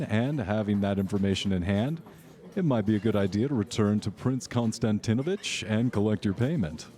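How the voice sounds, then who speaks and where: A man narrating and running a tabletop horror game as game master, in a measured, descriptive way. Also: lowish voice, a little mellow.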